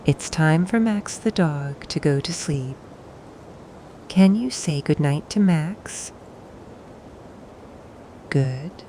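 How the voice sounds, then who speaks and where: A woman with a low, mellow voice tells a gentle bedtime story for toddlers at an unhurried pace. She speaks softly and soothingly, pausing now and then for the little listener to reply. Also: lively intonation, a little hiss or hum. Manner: soft and soothing, pausing for the child to answer.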